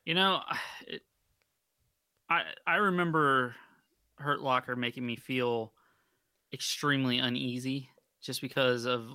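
A laid-back man co-hosting a movie podcast, cursing casually as he chats. His voice is bright and a little sharp, recorded close and dry with no room sound. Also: mid-range voice, measured pace, pauses often, clear, resonant tone, no room sound. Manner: laid-back, swears freely. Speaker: podcast co-host. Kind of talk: casual movie-review chat.

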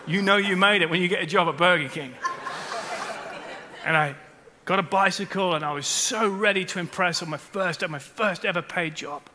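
A man, preaching a sermon and telling stories with loud bursts and hushed asides. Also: high voice, moderate pace, long reverb tail, a little hiss or hum. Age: 40s. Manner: animated storytelling, swings between loud bursts and hushed asides. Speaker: pastor. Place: large church hall.

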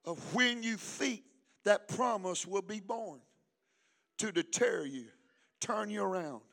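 Casting: older pastor, man, high piercing voice, preaching with call-and-response, hushed then shouting. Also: takes it slowly, gravelly. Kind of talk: sermon.

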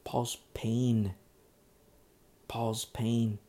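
A man's voice: mid-range voice, flat delivery, very slow, mellow. A man preaching a sermon as pastor, emphatic and repetitive, often restarting his sentences.

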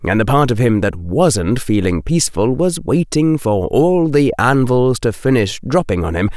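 Brief: male audiobook narrator, lively intonation, unhurried, dry close mic. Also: medium pitch, no echo. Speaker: audiobook reader. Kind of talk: scripted narration.

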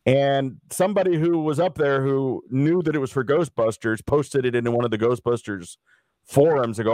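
A middle-aged man from Dallas telling stories in a casual interview, lively and acting out the people he quotes. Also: medium pitch, normal speed, no echo, clean studio sound. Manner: animated anecdote teller, acts out quoted people. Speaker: interview guest.

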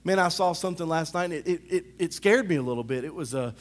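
Delivering a sermon at a quick pace, a slightly high-voiced man swings from loud calls down to hushed asides, repeatedly telling the congregation "come on," all in an animated style.

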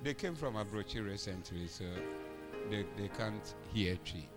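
Ghanaian male preacher, high and very bright, preaching in a reverberant hall with music playing underneath. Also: lively intonation, normal speed. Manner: switches languages, call-and-response, rising to shouted exhortation. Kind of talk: convention sermon. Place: large church hall. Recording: echoey hall with music behind.

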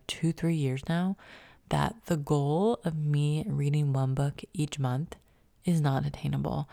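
A woman with a low, warm, gravelly voice hosts a solo motivational podcast, often dropping into a breathy half-whisper. She sounds a little stuffy from a cold and stays upbeat and encouraging. The recording is close and dry. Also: dry recording. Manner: upbeat, encouraging, laughs at herself. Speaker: podcast host.

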